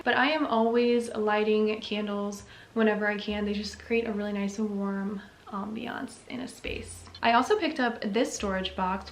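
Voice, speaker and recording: A young woman in her twenties, a vlogger, gushing softly and enthusiastically as she shows off her thrifted home decor. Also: medium pitch, slight background noise. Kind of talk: casual thrift haul show-and-tell.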